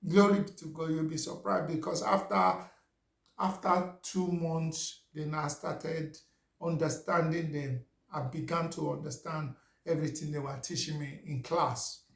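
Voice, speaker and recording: A man's voice: fairly high pitch, a little slow, gravelly. A middle-aged Nigerian man, a Yoruba speaker, telling a casual story in a chatty way and often asking "you understand?". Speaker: vlogger. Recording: roomy echo.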